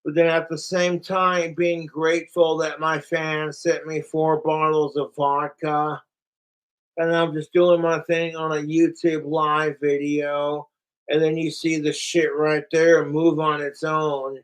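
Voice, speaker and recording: A man's voice: fairly high pitch, level tone, takes it slowly, clean tone, poor audio. A young man ranting profanely and rambling on a casual livestream, talking straight to his chat.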